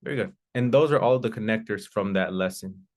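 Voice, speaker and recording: Man, English teacher, low voice, slow and deliberate, repeats examples, adds Spanish glosses. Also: darkish tone. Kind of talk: classroom lesson.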